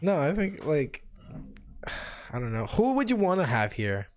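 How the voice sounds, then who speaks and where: A man's voice: on the high side, big pitch swings, unhurried. Easygoing young man chatting on a podcast. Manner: easygoing, rambling, laughs a lot. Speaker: podcast co-host. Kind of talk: casual chat.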